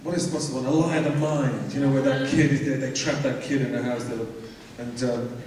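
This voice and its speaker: A man's voice: mid-range voice, steady tone, a little fast, a little mellow, a little hiss or hum. A man, an actor on a convention panel, telling a stage story in a rambling, hesitant way. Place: large convention hall. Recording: echoey hall recorded from far off.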